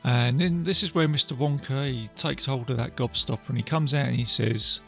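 A man's voice: mid-range voice, normal speed, vocal fry, bright, forceful tone, soft background music. A man casually retelling a film's plot, rambling and full of fillers. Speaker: film reviewer. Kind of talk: casual film recap to camera.

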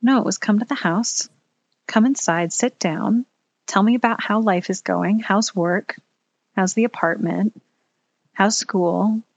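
A woman telling a personal story in a candid, earnest way, pausing at the emotional moments. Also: mid-range voice, no echo.

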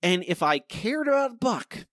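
A man's voice: sits high, sing-song, a little slow, fairly bright tone, no room sound, clean studio sound. A young man co-hosting a podcast, ranting in a casual, exasperated way and repeating his points. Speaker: podcast co-host.

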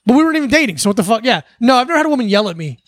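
A man's voice: extremely high pitch, big pitch swings, no room sound. A man co-hosting a podcast, riffing jokes and laughing easily, close to the mic. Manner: joking, quick to laugh and riff. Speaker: podcast co-host. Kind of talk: casual chat.

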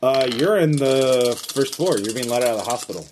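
A man narrating as game master of a tabletop game, talking loosely and haltingly with many fillers. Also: mid-range voice, lively intonation, background noise.

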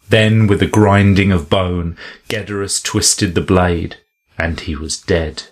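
Male narrator, low husky voice, measured dramatic audiobook reading. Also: a bit bright.

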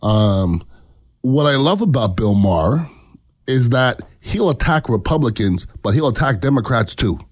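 A man's voice: medium pitch, lively intonation, unhurried, husky. A man talks through a casual political commentary with blunt, emphatic delivery. He swears freely and keeps checking in with his listeners.

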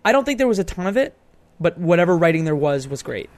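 A man's voice: sits high, very animated, fast, no room sound. A man co-hosting a casual podcast, talking through a game with many fillers and restarts. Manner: rambling, hedging with fillers. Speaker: podcast co-host.

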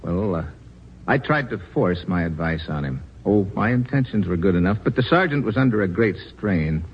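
An actor playing a patient, earnest army chaplain in 1940s radio acting, gentle and persuasive. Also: male voice, low voice, expressive, normal speed, highs cut off, a little hiss or hum.

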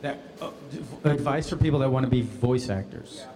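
A male voice actor at a convention panel, taking part in a casual Q&A, tells lively stories and laughs frequently. He speaks at a medium pitch and normal speed against a noisy background.

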